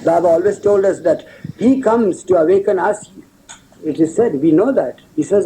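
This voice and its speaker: A man's voice: high voice, moderate pace, mellow, poor audio. A man giving an earnest, explanatory spiritual talk.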